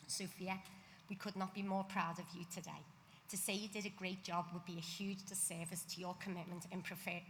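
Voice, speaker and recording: Woman, lowish voice, tender and affectionate, mother's speech, long hall reverb. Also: gravelly, fairly bright tone. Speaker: mother of the bat mitzvah girl. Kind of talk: parent's speech read at a ceremony. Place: large synagogue sanctuary. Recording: reverberant hall, faint background noise.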